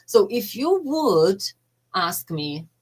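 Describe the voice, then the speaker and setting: A middle-aged woman life coach talking in a casual, earnest and halting way, often emotional, with non-native phrasing. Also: mid-range voice, very animated, darkish tone, husky, low-quality recording.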